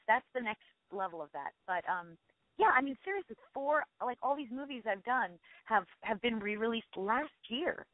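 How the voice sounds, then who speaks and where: Middle-aged actress gushing away on a phone interview, tinny line, dry sound. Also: female voice, fairly high pitch, no room sound. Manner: effusive, chatty, quick self-corrections. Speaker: actress guest. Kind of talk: casual interview chat.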